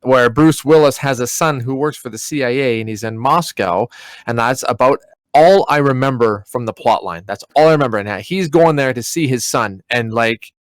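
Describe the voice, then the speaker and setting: A man co-hosting a podcast, casually ranting about disappointing movies with animated storytelling and plenty of swearing. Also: mid-range voice, normal speed, dry recording. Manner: animated storytelling, mimics people mid-rant, swears freely. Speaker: podcast co-host. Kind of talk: casual chat.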